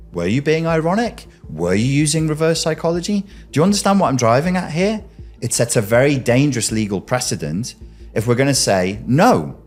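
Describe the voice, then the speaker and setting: A man hosts a commentary and makes his case emphatically. His pitch rides up and down with lively swings as he presses rhetorical questions on the listener. Faint music plays behind him. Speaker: commentary host. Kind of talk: argumentative commentary.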